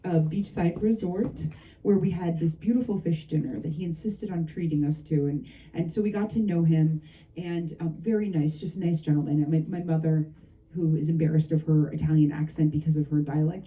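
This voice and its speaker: Brief: woman author, warm dark tone, chatty anecdotal storyteller, recorded from across the room. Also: low voice, fairly quick, distant mic, poor audio. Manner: lively anecdotal, frequent laughs and asides. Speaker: novelist discussing her book. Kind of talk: storytelling talk at a book event. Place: bookshop event.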